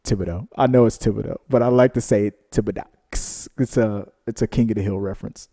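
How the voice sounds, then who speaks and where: A man's voice: on the low side, fairly even intonation, fairly quick, dark tone. A man co-hosting a reaction channel, chatting casually as he reads out viewer comments, rambling into side stories and then apologizing for them. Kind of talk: casual chat.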